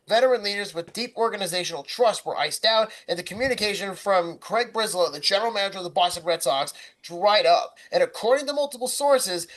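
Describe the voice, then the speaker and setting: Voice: medium pitch, fairly bright tone, poor audio. A podcast co-host ranting about baseball in casual sports talk, swearing heavily.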